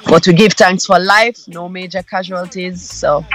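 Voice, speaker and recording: A woman, a musician guest on a radio interview, talking calmly and reflectively with many "you know"s. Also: lowish voice, normal speed.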